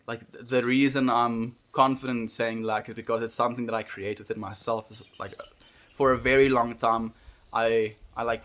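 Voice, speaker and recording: Soft-spoken, earnest young man streaming. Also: mid-range voice. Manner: gentle, earnest and encouraging, softening to near-murmurs at the ends of phrases. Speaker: livestream host. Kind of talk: casual livestream chat, reading viewer comments.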